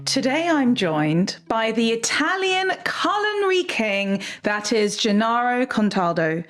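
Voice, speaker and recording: A woman hosts a podcast in a bright, polished, enthusiastic voice. Her pitch is mid-range for a woman. She sounds upbeat and practised as she leads the conversation. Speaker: podcast host. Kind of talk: ad read and interview hosting.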